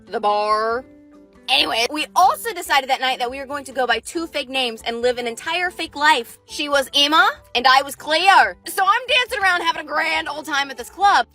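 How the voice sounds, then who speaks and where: Young woman, high bright voice, animated storytime delivery with faint music underneath. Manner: animated, acts out quoted lines. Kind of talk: casual storytime monologue.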